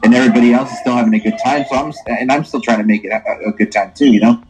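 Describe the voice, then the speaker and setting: A man's voice: mid-range voice, steady tone, racing, darkish tone, slight background noise, low-quality recording. A man talking about a game he plays with friends, thoughtful and hesitant with many fillers. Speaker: player on a gaming stream. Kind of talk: casual chat.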